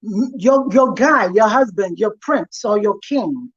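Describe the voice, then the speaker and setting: A woman's voice: medium pitch, animated, a little slow, husky, lo-fi sound. A woman hosting a talk show discussion, insistent and cutting in to make her point. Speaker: host.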